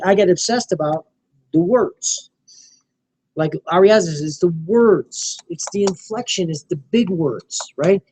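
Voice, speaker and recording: A man training a small group in network marketing, animated and coaching, often acting out sales dialogue. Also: high voice, breathy edge, low-quality recording.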